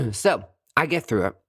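Podcast host, lively pitch, dry close sound, casual comedic storytelling. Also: gravelly, husky, no room sound. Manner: animated, laughs often, chatty.

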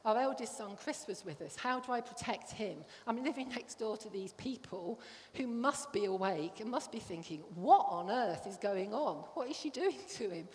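A woman's voice: medium pitch, animated, normal speed, hardly any pauses. Middle-aged woman, sermon delivery, earnest and personal, recorded in a reverberant church hall. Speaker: church speaker.

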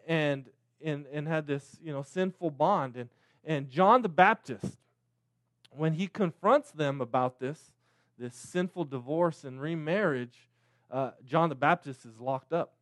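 A man in his thirties preaching a sermon as a pastor, with a halting delivery, frequent restarts, repeated words and tag questions. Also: on the high side, no echo, clean studio sound.

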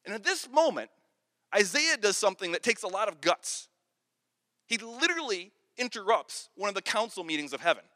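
High-voiced man preaching in a hall. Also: a little fast. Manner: earnest storytelling, repeats words when excited. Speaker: pastor. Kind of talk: sermon. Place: large hall with an audience. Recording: long hall reverb.

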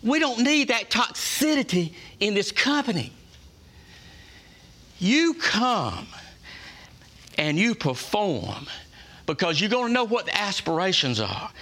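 A workplace leader gives a culture talk to staff in a preacher-like, motivational style, folksy and emphatic, repeating phrases and asking the room questions. His bright, high voice swings widely in pitch, and he speaks slowly with frequent pauses.

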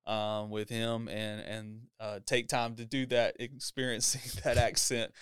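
An upbeat man hosts a church podcast in an easy interview style, with a smooth, clear voice. The sound is dry and close, with no room echo. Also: mid-range voice, flat delivery, unhurried, fairly bright tone. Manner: upbeat, laughs often. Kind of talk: casual interview.

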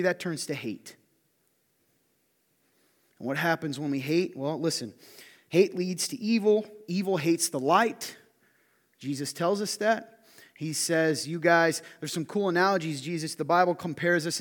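A male pastor preaching a sermon in an animated way, often putting questions to his listeners. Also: fairly high pitch, long reverb tail. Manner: animated, asks the audience questions.

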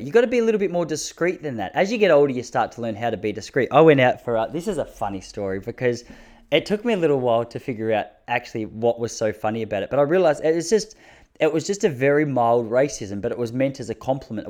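A man's voice: mid-range voice, sing-song, fast talker, a little mellow. A man in his thirties with an Australian accent, telling comic stories in a casual, crude, self-mocking way and laughing at his own jokes. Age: 30s. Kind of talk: casual comic storytelling monologue.

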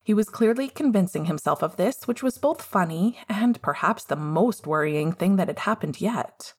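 A woman reading a fan story aloud in a calm, measured way. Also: medium pitch, breathy edge. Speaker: audiobook reader. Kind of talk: storybook narration.

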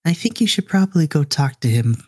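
A man voicing an elderly woman, a gentle longtime family servant, who speaks tenderly and with affection in a tabletop role-play. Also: a little high, very animated, brisk, breathy edge.

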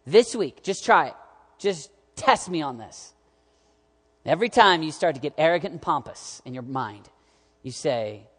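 A man preaching a sermon to young adults, animated and jokey, swinging from loud urging to quiet asides. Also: medium pitch, a little slow, long pauses. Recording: long hall reverb.

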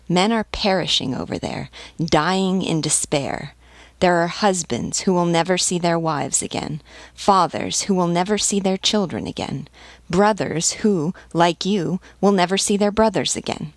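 A woman's voice: lowish voice, no echo. Woman voicing a solemn old nobleman. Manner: serene, solemn, persuasive. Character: stern elderly nobleman, calm and righteous. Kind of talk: audiobook reading.

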